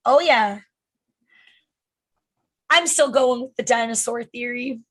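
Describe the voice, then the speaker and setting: Podcast co-host, woman, high and slow, loose casual chat with swearing. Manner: chatty, trailing off with fillers and swearing.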